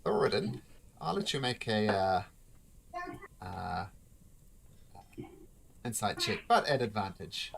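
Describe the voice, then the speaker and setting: Halting relaxed game master. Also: medium pitch, gravelly, noisy background. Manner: relaxed, halting, many fillers. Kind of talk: narrating a tabletop game.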